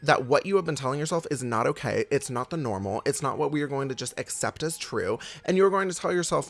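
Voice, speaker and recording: A man's voice: on the high side, lively intonation, quick pace, hardly any pauses, dry recording, faint music behind. A man hosting a casual motivational talk, emphatic and blunt, peppered with "okay?" and swearing, calling the listener "babes". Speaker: manifestation coach, channel host.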